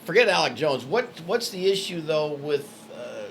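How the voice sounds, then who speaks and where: A man's voice: a little high, big pitch swings, normal speed, vocal fry, fairly bright tone, slightly rough. A middle-aged man co-hosting a casual podcast, hesitant and stammering between words. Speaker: podcast co-host. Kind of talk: casual chat.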